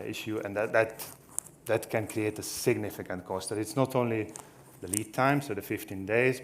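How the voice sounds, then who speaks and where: A man speaking as a panelist at a conference, explaining things in a measured way and repeating words as he thinks. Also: low-pitched, slight background noise. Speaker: panelist, head of logistics. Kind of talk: panel discussion answer.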